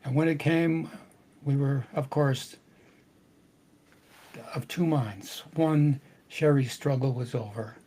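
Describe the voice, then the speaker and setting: An older man telling a personal family story earnestly, with halting restarts. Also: mid-range voice, dark tone, slight background noise, poor audio. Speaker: podcast host.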